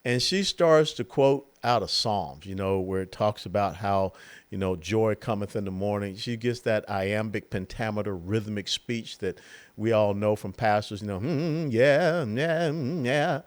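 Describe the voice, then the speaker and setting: An older man in his sixties delivering a political commentary monologue, animated and mocking, now and then mimicking the people he talks about. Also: lowish voice, normal speed. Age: 60s.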